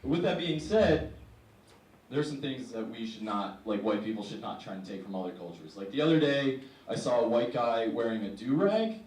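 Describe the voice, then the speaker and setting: A young man doing a stand-up comedy set, with wry, deadpan storytelling and quick asides. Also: medium pitch. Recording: echoey room, distant mic, faint hiss.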